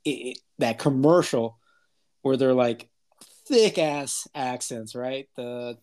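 A man co-hosting a podcast, talking excitedly and casually about a film. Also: mid-range voice, slow. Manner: enthusiastic, excitable, says dude. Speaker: podcast co-host. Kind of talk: casual chat, movie review.

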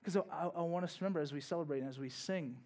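A man's voice: fairly high pitch, racing, a little mellow. A young man, a pastor, giving a conversational sermon with casual asides and rising bursts of energy.

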